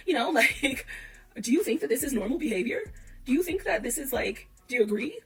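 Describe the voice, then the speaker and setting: A woman's voice: high voice, big pitch swings, fast talker, distant mic, soft background music, rough recording. A woman giving a casual opinion rant, exasperated and full of rhetorical questions. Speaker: commentator.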